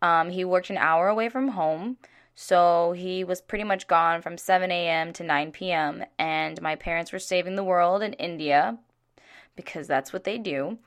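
A woman's voice: lowish voice, moderate pace. Young woman vlogging, chatty story, laughs a lot, does little voices for people. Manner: chatty, animated, laughs often, acts out quotes. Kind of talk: casual storytelling to camera.

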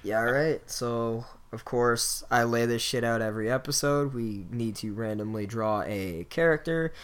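A man's voice: medium pitch, moderate pace, clear, resonant tone. A young man hosting a podcast, telling a story in a loose, profane way and leaning hard on filler words. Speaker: podcast host. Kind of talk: casual chat.

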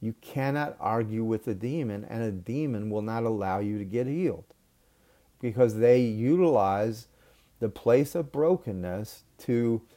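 Earnest low-voiced male preacher. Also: unhurried, warm tone. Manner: earnest storytelling with frequent restarts and fillers. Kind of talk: sermon with personal story.

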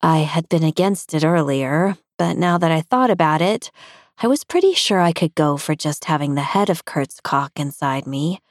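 Low-voiced woman reading an audiobook. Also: expressive, normal speed, dry recording, clean studio sound. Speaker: audiobook narrator. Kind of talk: first-person audiobook reading.

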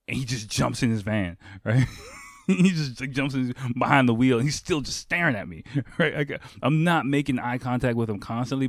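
A man's voice: medium pitch, no room sound, studio quality. A man from the United States telling a casual anecdote, laid-back and full of fillers, laughing often. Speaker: storyteller.

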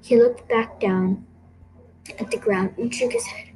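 A woman narrating a children's story with a steady, expressive reading. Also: medium pitch, a little slow, long pauses, faint music behind, rough recording.

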